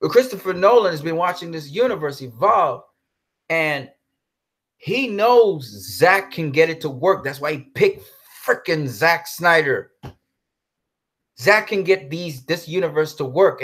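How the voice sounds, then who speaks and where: Angry ranting man, voice fairly high. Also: animated, measured pace, bright, forceful tone. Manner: angry, heated, swearing, apologetic about cursing. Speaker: commentary vlogger. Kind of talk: ranting commentary reading viewer comments.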